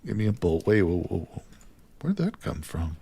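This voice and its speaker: Guy streaming a game, talks to chat a lot, lowish husky voice. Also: sing-song, moderate pace, mellow. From United States. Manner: chatty, talks to viewers as "people". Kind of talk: casual gameplay commentary with chat.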